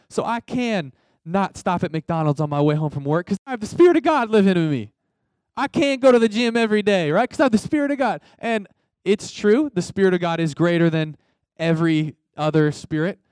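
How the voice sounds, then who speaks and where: A man's voice: on the high side, darkish tone, no echo. A young man preaching a sermon in a conversational, emphatic way, calling out to the congregation for responses. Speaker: pastor.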